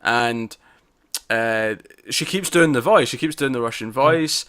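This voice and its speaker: A man's voice: mid-range voice, measured pace, a bit bright. A man co-hosting a casual TV review podcast, rambling with restarts as he retells scenes. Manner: rambling, with frequent restarts and quoted lines. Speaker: podcast co-host.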